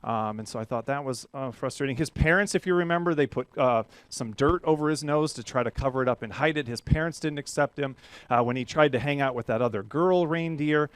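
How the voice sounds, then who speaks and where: A middle-aged man giving a motivational keynote talk to a live audience, energetic and full of rhetorical questions. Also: mid-range voice, brisk, smooth, no echo. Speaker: professional speaker. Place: event stage before a live audience.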